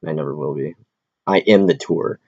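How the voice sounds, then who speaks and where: A man who is an aspiring comedian, ranting in a rambling, profane, quick-tempered way as he vlogs in a big city. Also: a bass voice, vocal fry, warm tone. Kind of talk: casual rambling rant. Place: big city, in or near Manhattan. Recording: dull lo-fi recording.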